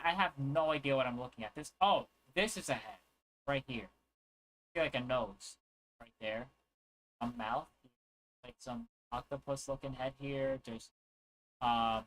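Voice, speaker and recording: Bright-voiced young male streamer. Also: medium pitch, slight background noise, low-quality recording. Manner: rambling, joking, crude. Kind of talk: casual livestream chat.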